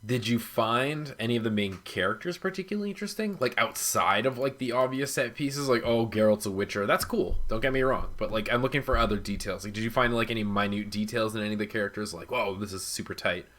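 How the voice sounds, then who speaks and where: A man's voice: medium pitch, fast, hardly any pauses, fairly bright tone. A man hosting a casual book club podcast, talking loosely with lots of 'like' and getting jokey and emphatic when he argues. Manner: loose, filler-heavy talk full of 'like'. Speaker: podcast host.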